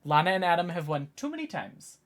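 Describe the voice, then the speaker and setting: Brisk and a little high in pitch, this man in his twenties is streaming and joking around with his viewers. He is animated, typing as he talks to chat in a casual live-stream exchange.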